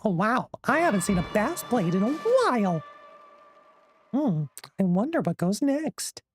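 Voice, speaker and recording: A man streaming a card game while putting on a squeaky, high cartoon mouse voice and swearing in character. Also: big pitch swings, unhurried, faint music behind. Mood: squeaky playful. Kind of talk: live game stream chat.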